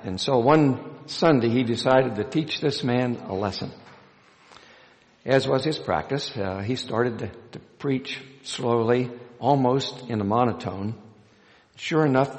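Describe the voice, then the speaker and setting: A man's voice: medium pitch, a little mellow. A man reading scripture aloud and then preaching a sermon as pastor, telling stories and acting out the quoted lines. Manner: storytelling, acts out quoted lines with a raised voice; hesitant restarts with uh. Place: church sanctuary. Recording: long reverb of a church hall.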